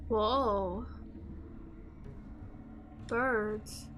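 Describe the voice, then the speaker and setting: A woman's voice: mid-range voice, fairly even intonation, very slow, a bit bright, slight background noise. A woman streaming herself playing a video game, giving playful commentary and reading the game's dialogue aloud. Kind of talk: live gameplay commentary.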